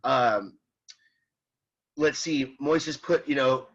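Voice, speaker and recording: Bright-voiced male ethics instructor, rambling. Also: medium pitch, drawn-out words. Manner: rambling, conversational, with many fillers and restarts; reads out student comments and answers them. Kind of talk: casual classroom lecture. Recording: slightly muffled recording.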